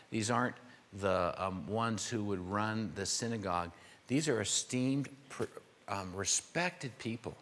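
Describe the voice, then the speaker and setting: A man's voice: on the low side, slightly rough, in a large hall. An older man preaching a conversational, verse-by-verse sermon, explaining word meanings with informal asides to his congregation. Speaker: pastor.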